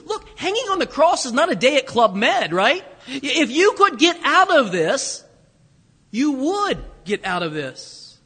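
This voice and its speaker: A man's voice: very high-pitched, very animated, a little slow, sharp tone. A man preaching a sermon in a conversational way, often correcting himself and asking the congregation rhetorical questions. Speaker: pastor. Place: church sanctuary. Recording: long hall reverb.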